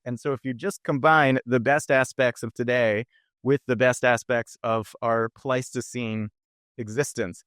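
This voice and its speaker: Man, podcast guest, smooth resonant voice, dry close sound, earnest explanatory talk. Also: mid-range voice, no echo. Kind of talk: conversational interview.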